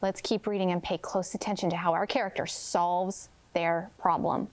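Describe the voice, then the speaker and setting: A woman kindergarten teacher reading a story aloud and gently asking young children questions about it. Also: on the low side, normal speed. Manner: gentle, expressive, prompting questions.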